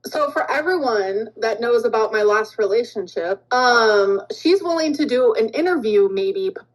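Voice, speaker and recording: A woman talking on a livestream in a flat, matter-of-fact, trolling way. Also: fairly high pitch, normal speed, rough recording. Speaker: streamer guest. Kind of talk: casual stream chat.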